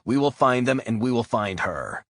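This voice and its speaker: A man's voice: mid-range voice, very animated, moderate pace, a bit bright, no room sound, studio quality, pitched above the performer's own voice. A man voicing a stern male bureau director who speaks curtly and with rigid authority. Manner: authoritative, curt, by-the-book.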